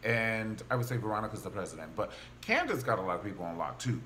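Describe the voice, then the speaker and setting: A man recaps a TV drama in a loose, gossipy way, often slipping into the characters' voices. His pitch swings widely as he talks. A faint hiss sits under the recording. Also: fast. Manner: animated and gossipy, acts out quotes of characters. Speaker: TV show reviewer. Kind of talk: casual recap and commentary.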